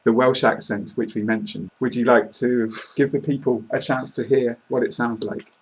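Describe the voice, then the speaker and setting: A man's voice: medium pitch, flat delivery, moderate pace, breathy edge, rough recording. A man with a British accent hosting a casual interview, easygoing and lightly joking. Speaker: host, English teacher.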